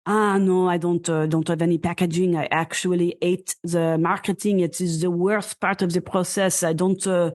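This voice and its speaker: A woman imitating a laid-back young male French distiller with a French accent, speaking in a relaxed, halting way. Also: high voice, natural voice. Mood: dismissive.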